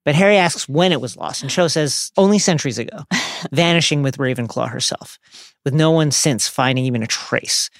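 A man's voice: mid-range voice, moderate pace, vocal fry, dry recording, clean studio sound. A man co-hosting a podcast, recapping a book chapter as wry storytelling with playful asides. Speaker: podcast co-host.

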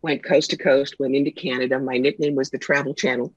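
Wry, husky-voiced middle-aged woman storyteller. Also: rumbling low, steady tone, no room sound. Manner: brisk, wry, punchy storyteller. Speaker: guest psychic and author. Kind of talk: casual interview storytelling. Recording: dull lo-fi sound, dry.

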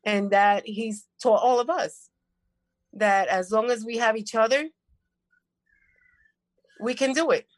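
A woman's voice: on the high side, takes it slowly, pauses often, dry recording, rough recording. A woman in her fifties, from New York, giving a heartfelt, tender tribute to her father on a family video call. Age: 50s.

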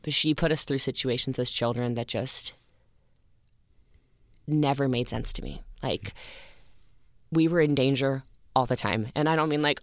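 A woman in her thirties, a podcast guest telling a personal story in an earnest, halting way with many restarts. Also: rumbling low, no echo, studio quality. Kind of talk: emotional interview storytelling.

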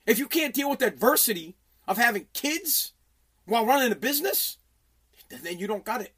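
Brash business owner, 30s, aggressive swearing motivational rant. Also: male voice, very high voice, sing-song, fairly quick, fairly bright tone, breathy edge. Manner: profane, aggressive, emphatic. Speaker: business owner and radio host.

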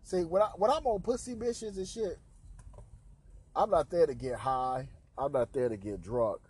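A man's voice: fairly high pitch, moderate pace, a little mellow, breathy edge. A man hosting a podcast, telling a crude anecdote in a profane, slangy way with lots of repeated filler tags. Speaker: podcast host.

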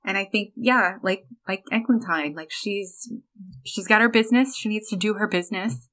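Opinionated, animated woman podcast host. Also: medium pitch, rough recording. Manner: animated, opinionated, quick asides. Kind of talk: casual film discussion.

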